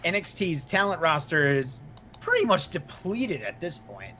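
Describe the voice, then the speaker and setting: A man co-hosts a casual wrestling podcast in a slightly high voice over a faint background hiss. He is excitable and swears casually as he talks. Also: a little slow. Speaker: podcast co-host.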